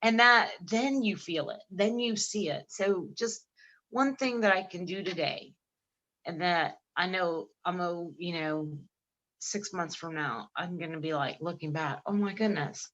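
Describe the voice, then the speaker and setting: Bright-voiced woman telling lively stories. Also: fairly low pitch, measured pace, dull audio. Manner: animated storyteller acting out dialogue; laughs often mid-sentence. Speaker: podcast co-host. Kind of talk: casual podcast chat.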